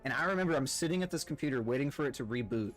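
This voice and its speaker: A man's voice: medium pitch, lively intonation, very fast. Guy streaming w his guildies, rambly, swears a lot, laughs at his own stories, music faint behind. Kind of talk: casual storytelling while gaming.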